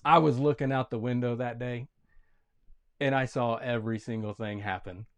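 A man voicing a kindly old grandmother who speaks calmly and teases gently, told as a story in a sermon. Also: medium pitch, moderate pace, pitched below the performer's own voice, close to an everyday voice. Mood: amused. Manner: calm, gently teasing.

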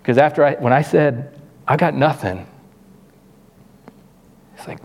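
A middle-aged pastor preaching a sermon, animated, his voice jumping up when he acts out questions to God. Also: measured pace, gravelly, pauses often. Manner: animated, voice jumps high when acting out questions.

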